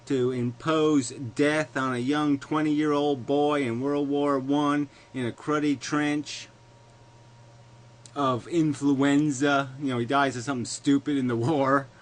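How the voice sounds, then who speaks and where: A man's voice: mid-range voice, steady tone, slow pace. A man video blogger delivering a solo monologue, firing sarcastic rhetorical questions and swearing freely.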